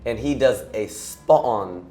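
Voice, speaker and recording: A man's voice: lowish voice, expressive, takes it slowly, dark tone, roomy sound, soft background music. A man hosting an interview, chatty and jokey, rambling through questions and stories. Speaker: host, comedian. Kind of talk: casual interview chat.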